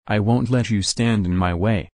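A man's voice: lowish voice, moderate pace, a little mellow, no room sound, lightly acted. A man voicing a vengeful young female knife-wielding villain who speaks angrily and threatens. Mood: angry, threatening. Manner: angry, threatening.

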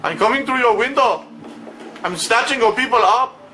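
A man's voice: extremely high pitch, normal speed, bright, forceful tone, slight background noise, pitched above the performer's own voice. A man voicing a menacing, gleeful male home intruder who keeps repeating a sing-song catchphrase. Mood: gloating.

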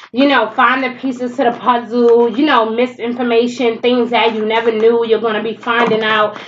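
Woman, fairly high voice, casual blunt tarot reader, stuffy nose, slightly dull recording. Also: slight background noise. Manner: chatty, blunt, swears freely, laughs often. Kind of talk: casual tarot reading to camera.

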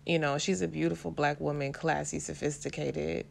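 A woman's voice: sits low, flat delivery, normal speed, gravelly. A young adult woman chatting casually about celebrity gossip in a slangy, emotional vlog style. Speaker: vlogger.

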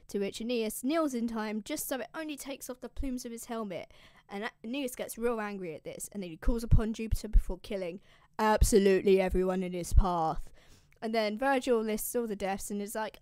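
A woman's voice: medium pitch, brisk, darkish tone, clean tone, no echo. Woman, classics host, casual recap, slangy, swearing, dry close sound.

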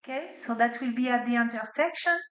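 High-voiced accented woman lecturing. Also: fairly quick, fairly bright tone. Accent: non-native English. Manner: explains step by step with frequent "okay?" and "right?" checks. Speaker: physics lecturer. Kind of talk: classroom lecture. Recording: echoey lecture hall.

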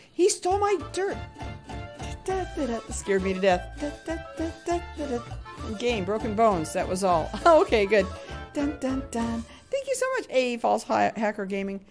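A woman streams her gameplay live, with a voice of ordinary pitch for a woman. She chats nonstop, swinging between hushed nervous asides and loud, cheery shout-outs to viewers. Quick laughs and hummed sound effects run through her talk. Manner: chatty and expressive, hums little sound effects while playing. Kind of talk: live gameplay commentary with chat greetings.

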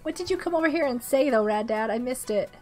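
A woman with a very high voice chats through a live game stream, bubbly and quick to giggle. She is sick and a little coughy, and faint background music plays under her. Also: expressive, a little mellow. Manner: bubbly, giggly, reads chat aloud. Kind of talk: casual live-stream chat.

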